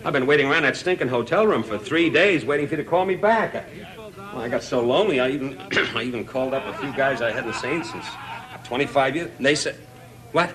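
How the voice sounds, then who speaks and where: In a sitcom, an actor plays a rich, lonely middle-aged father who pleads with his estranged son by phone, then covers it with forced bluster. His medium-pitched voice is natural, expressive, and fast, with a crowd and studio audience laughter in the background.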